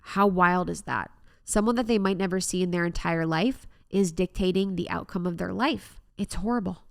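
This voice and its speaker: A woman's voice: on the low side, moderate pace, vocal fry, no echo, studio quality. A young woman hosting a solo self-help podcast, talking in an earnest, reflective way. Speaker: podcast host.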